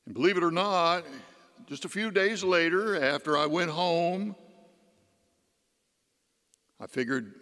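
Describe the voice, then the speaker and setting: A man's voice: high voice, a little slow, long pauses, sharp tone. A man, a deacon, giving a homily as a folksy personal story, his voice rising and dropping. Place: church. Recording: long church reverb.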